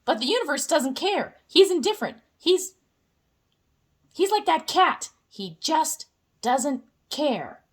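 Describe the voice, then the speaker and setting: Lively, high-voiced young woman explaining. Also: slow pace. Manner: playful and jokey, with comic asides. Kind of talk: casual educational explainer.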